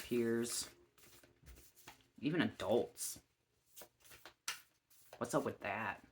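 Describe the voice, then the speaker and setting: A tarot reader talking to camera at an unhurried pace, voice often settling into a gravelly creak. The delivery is gentle and full of soft ums, gushing with encouragement and quick to laugh. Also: medium pitch, slight background noise. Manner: slow and gentle with frequent ums, warmly encouraging. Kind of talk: casual tarot reading to camera.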